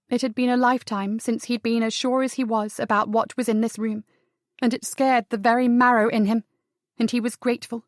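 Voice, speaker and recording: A woman narrating a historical romance audiobook, in a measured, even reading with the dialogue softened. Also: a little high, no room sound, studio quality. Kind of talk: scripted narration.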